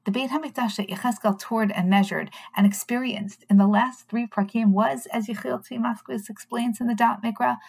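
A woman giving a recorded scripture lesson, reading verses in Hebrew and translating them in a measured, earnest way. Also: medium pitch, gravelly, a little mellow, slightly rough. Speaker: Torah teacher.

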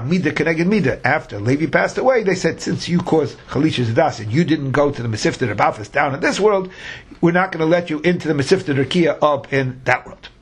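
A man's voice: medium pitch, husky. A man teaching a Talmud class, reading the Aramaic phrase by phrase and explaining each in English.

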